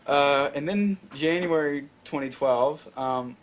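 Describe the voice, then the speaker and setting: A man's voice: a little high, takes it slowly. A young man from Tennessee telling a long story as a guest on a talk show, full of fillers and restarts. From Fayette County, Tennessee. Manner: rambling, many fillers and restarts. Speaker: guest filmmaker. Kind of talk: casual storytelling interview.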